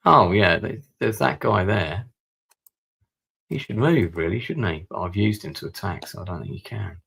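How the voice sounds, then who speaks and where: Male streamer, deep husky voice with fry, mutters his moves while he plays. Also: expressive, moderate pace, fairly bright tone. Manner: thinking aloud, muttering over his moves. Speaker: streamer playing a strategy war game. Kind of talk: live-stream gameplay commentary.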